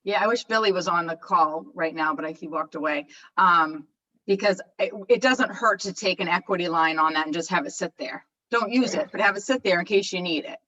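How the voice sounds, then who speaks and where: Bright-voiced woman chatting on a call. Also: lowish voice, brisk, rough recording. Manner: chatty, shares her own experience. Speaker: training call participant. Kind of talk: casual chat.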